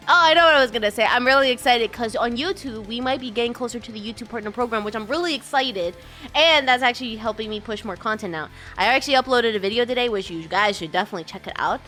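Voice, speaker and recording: A woman's voice: fairly high pitch, quick pace, sharp tone, faint music behind. A woman streamer chatting casually with her viewers, giggling often and greeting them. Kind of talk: casual live-stream chat.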